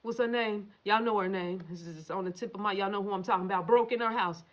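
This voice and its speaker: A woman's voice: mid-range voice, quick pace. Profane, emphatic woman ranting on a livestream. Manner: profane, emphatic, talks straight to viewers. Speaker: livestream host reading viewer comments. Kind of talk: casual livestream rant.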